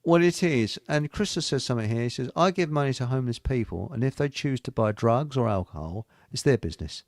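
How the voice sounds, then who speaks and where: A man's voice: mid-range voice, lively intonation, brisk, hardly any pauses, darkish tone, no echo. A man hosting a casual radio chat, rambling through anecdotes with chuckles. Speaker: host.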